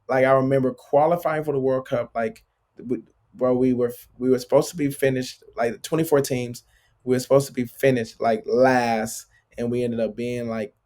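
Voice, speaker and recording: A man in his late thirties, a basketball player as interview guest, telling stories loosely with lots of filler words. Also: mid-range voice. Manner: loose and filler-heavy, constant "like" and "bro", animated retelling. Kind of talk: casual storytelling interview.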